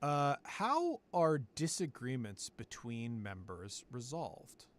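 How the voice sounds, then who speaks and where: A man in a middle-pitched voice runs a tabletop worldbuilding session. He reads game options aloud in an even, measured way and then talks through the group's ideas. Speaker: game designer leading the session. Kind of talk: collaborative worldbuilding discussion.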